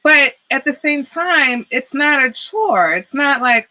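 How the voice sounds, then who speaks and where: A woman's voice: high voice, expressive, slow, bright, forceful tone, poor audio. A woman who reads tarot, a guest on a podcast, talking casually and reflectively and often tagging her points with "right?". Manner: reflective, frequent "right?" and "okay?" tags. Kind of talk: casual conversation.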